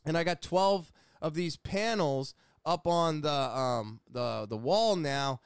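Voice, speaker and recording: A man's voice: fairly high pitch, slow, smooth, no echo, studio quality. Earnest rambling New man. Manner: rambling, earnest, self-deprecating. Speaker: vlogger. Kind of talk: casual chat. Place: small home room with sound panels.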